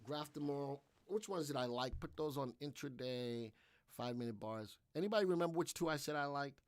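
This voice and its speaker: A man's voice: medium pitch, brisk, dry recording, clean studio sound. A man hosting a live trading room, talking energetically and repetitively through his trades while answering viewers' questions.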